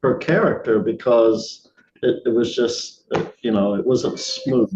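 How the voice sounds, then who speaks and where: A man's voice: medium pitch, animated, a little mellow. Hesitant man, dull roomy audio. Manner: hesitant, halting. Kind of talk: casual video-call chat. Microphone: video call. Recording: dull roomy video-call audio with faint noise.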